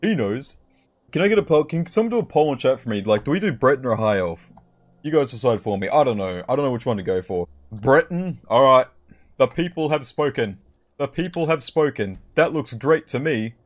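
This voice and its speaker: A man's voice: medium pitch, animated, fairly quick. Joking young man streaming a game. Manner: rambling, jokey, repeats himself, talks to chat. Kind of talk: casual gameplay commentary.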